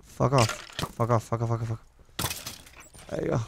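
A man's voice: mid-range voice, measured pace, creaky, background noise. A young man commentating his own game play, talking to himself, swearing often and repeating words when he panics. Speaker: gaming YouTuber. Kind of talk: casual let's-play commentary.

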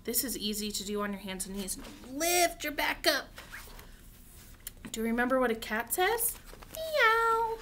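A woman's voice: fairly high pitch, moderate pace, long pauses, fairly bright tone, slight background noise. A young woman teaching preschoolers, reading a picture book aloud in a sing-song, coaxing way and inviting children to join in. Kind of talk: children's story time.

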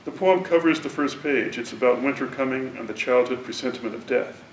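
In a university lecture hall, a man gives a prepared literary introduction in a measured, deliberate academic manner. He sits far back from the mic, so the room's echo lingers around his words, and a faint rumble runs underneath.

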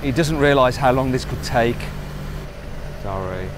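A man's voice: medium pitch, measured pace, background noise. A British man giving apologetic, self-deprecating running commentary while driving a large pickup through town. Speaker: driver filming his truck. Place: inside a large pickup truck on town streets.

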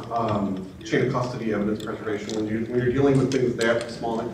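A man in the audience asking a question, hesitant and restarting his sentences. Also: mid-range voice. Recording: distant, echoey, noisy room mic.

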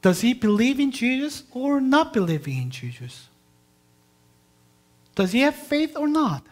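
Woman pastor preaching slow, gets loud and fired up, keeps asking the church questions. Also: sits high, big pitch swings. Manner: impassioned, swings from quiet to loud emphatic peaks; asks the congregation rhetorical questions. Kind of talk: sermon.

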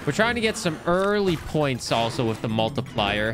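A man's voice: normal speed, hardly any pauses. A young man talks through a game on a live stream, his voice leaping up and down as he tells a story. Faint game music plays underneath. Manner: animated storytelling, swings high when excited. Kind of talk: casual gameplay commentary.

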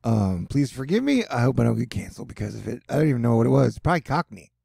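Gravelly, dark-voiced man. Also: mid-range voice, big pitch swings, fast talker, no echo, studio quality. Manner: jokey, rambling, self-deprecating asides. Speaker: host of a news and weather channel. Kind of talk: casual news commentary.

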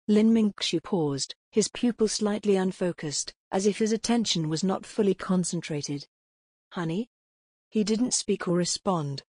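A woman narrating an audiobook in a calm, measured reading. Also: on the low side, breathy edge, no echo, clean studio sound. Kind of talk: scripted narration.

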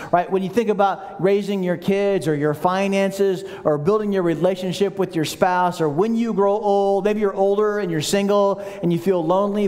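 A man preaching in a big church hall, his fairly high voice ringing with a long reverb. He jumps into the voices of the people he quotes and brings the congregation in to repeat lines back with him. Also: darkish tone. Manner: leads the congregation in call-and-response. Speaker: pastor. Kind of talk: sermon.

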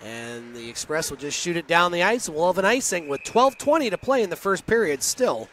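Bright, high-voiced man calling hockey. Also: expressive, slight background noise. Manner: rapid, clipped play calls with chatty asides. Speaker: play-by-play announcer. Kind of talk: hockey play-by-play commentary.

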